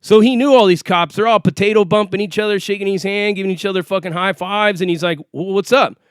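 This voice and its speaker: A man's voice: high voice, fast talker, clear, resonant tone, dry recording, studio quality. A man telling a story in casual, profane first-person speech, acting out the quoted voices as he goes. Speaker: storyteller recounting an arrest.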